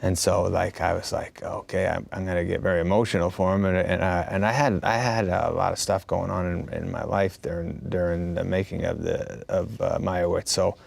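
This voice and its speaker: A man's voice: deep voice, flat delivery, brisk, vocal fry, hardly any pauses. A man chatting casually as an actor, telling stories in a rambling way with many restarts and quoted dialogue. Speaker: actor in a conversation. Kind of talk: casual conversation.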